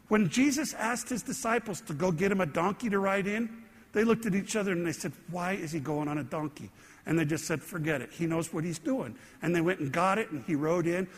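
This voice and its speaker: A man's voice: sits high, breathy edge. A man preaching a sermon in a conversational way, asking his congregation questions as he goes. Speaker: pastor. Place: church sanctuary. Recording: long church hall reverb.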